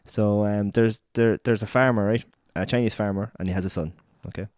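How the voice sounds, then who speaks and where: A man's voice: lowish voice, steady tone, a little fast, darkish tone, no echo, clean studio sound. A man co-hosting a podcast, telling a story in a rambling way with many fillers and laughing at his own slips. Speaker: podcast co-host. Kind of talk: casual chat and storytelling.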